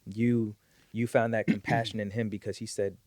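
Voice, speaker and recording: A man's voice: lowish voice, little pitch movement, moderate pace, a little mellow, no room sound. A man talking as a guest on a podcast in a casual, heartfelt conversation, earnest and reflective, often repeating words as he gathers his thoughts.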